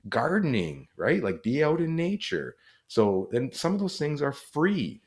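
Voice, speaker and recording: A man's voice: a little high, very animated, a little slow, vocal fry. A man speaking as an interview guest, earnest and reflective, often using "like" as a filler. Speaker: guest, former police officer and author. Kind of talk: conversational interview.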